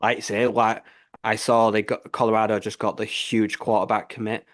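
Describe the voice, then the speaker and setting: A man's voice: fairly low pitch, flat delivery, normal speed, a bit bright. A man co-hosting a podcast, chatting casually about sport and repeating "like I say" between restarts. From United Kingdom. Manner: leans on the filler "like I say", restarts often. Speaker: podcast co-host.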